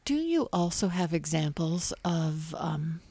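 A woman's voice: low voice, big pitch swings, slow pace, creaky, mellow, dry recording. A woman interviewer asking curious questions in a conversation.

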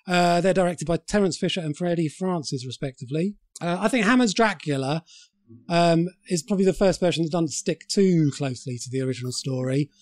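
A man's voice: a little high, darkish tone. A man hosting a podcast, chatting casually about films with a sweary, joking manner and frequent laughter. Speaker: podcast host. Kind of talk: casual film-review chat.

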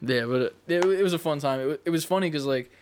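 A man's voice: fairly high pitch, fast talker, slight background noise. A man co-hosting a podcast in casual chat, laid-back, swearing freely and acting out what people said. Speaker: podcast co-host.

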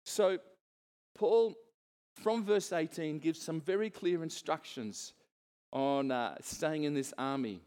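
A man's voice: on the high side, takes it slowly, darkish tone, long reverb tail. A middle-aged man preaching a sermon as a pastor, earnest and conversational, turning to the congregation with asides.

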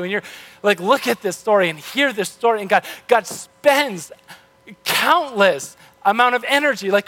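A man's voice: high voice, fairly bright tone, big-room sound. A male pastor giving a sermon in a loose, conversational way with frequent restarts, heard in a church. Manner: casual, conversational, self-correcting.

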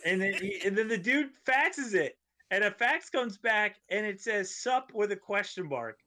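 Bright, high-voiced man telling stories. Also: normal speed. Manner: animated, acts out voices in his stories, rambling tangents. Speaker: comedian guest. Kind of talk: casual podcast storytelling. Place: podcast studio.

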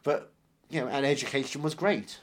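Man, podcast co-host, sarcastic, dry jokes, mid-pitched voice, casual film talk. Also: moderate pace, a little hiss or hum.

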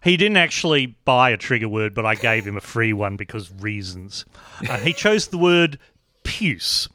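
Wry Australian podcast host. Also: male voice, medium pitch, very animated, moderate pace, sharp tone, no echo, clean studio sound. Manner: wry, joking. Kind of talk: casual chat.

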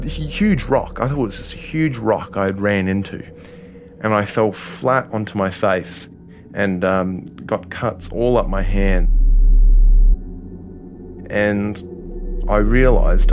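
Australian man, low voice, slow halting first-person storytelling, music underneath. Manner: halting, many restarts. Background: music score.

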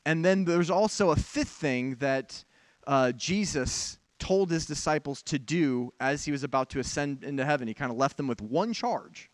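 A man's voice: fairly high pitch, normal speed, no room sound. A pastor giving a sermon in a candid, conversational way, with frank asides to his congregation.

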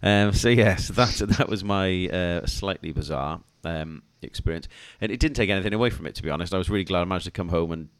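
Deep-voiced man telling a story. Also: fast, hardly any pauses, clean tone, no echo. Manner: animated storyteller, laughs while telling. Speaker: podcast co-host. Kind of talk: casual podcast chat.

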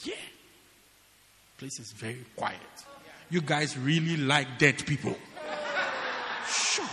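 A man's voice: fairly high pitch, a little slow, pauses often, big-room sound, background noise. A man preaching a sermon as pastor, in a teasing, joking, conversational way.

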